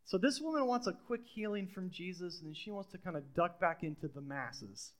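Man preaching, high voice, conversational sermon, repeats phrases, asks the congregation questions. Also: animated, fairly quick. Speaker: pastor.

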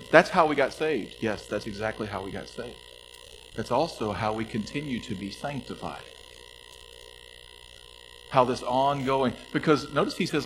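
A pastor preaching a sermon, stressing scripture slowly and dropping to soft appeals. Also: male voice, medium pitch, noisy background. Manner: emphatic, slows down to stress scripture, drops to soft pleas.

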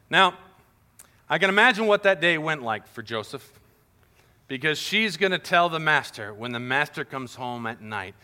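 A man preaching to children and families, animated and playful, acting out little scenes as he tells the story. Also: fairly high pitch, normal speed. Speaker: pastor. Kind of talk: sermon to kids and families.

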